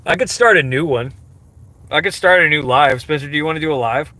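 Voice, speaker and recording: A man's voice: fairly high pitch, brisk, bright, forceful tone, dry recording. A man chatting on a casual live stream, rambling and self-mocking, with lots of fillers and restarts. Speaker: livestreamer answering chat questions.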